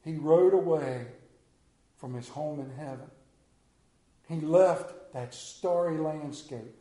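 A man delivers a sermon slowly, dropping from loud passages to hushed ones. His voice is dark and sits a little high for a man. The sound carries an echo from the room around him. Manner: slow, dramatic delivery swinging from loud to hushed. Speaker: preacher. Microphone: camera.

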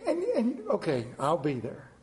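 A high-pitched man delivers a folksy sermon in a roomy, echoing church hall. He tells homely family stories and slips into squeaky kid voices to act them out. He sounds middle-aged. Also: wildly swooping pitch, measured pace, a little mellow. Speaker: pastor.

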